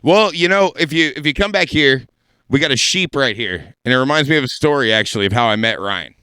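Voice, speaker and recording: A stand-up comedian telling a crude story in a podcast studio, with a brash, animated delivery. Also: male voice, mid-range voice, fairly quick, clean tone, no room sound.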